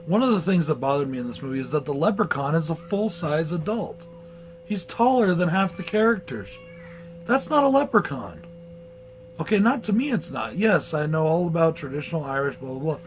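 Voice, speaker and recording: A man's voice: on the high side, a little hiss or hum, low-quality recording. A man giving a blunt, profane movie review in a casual rant.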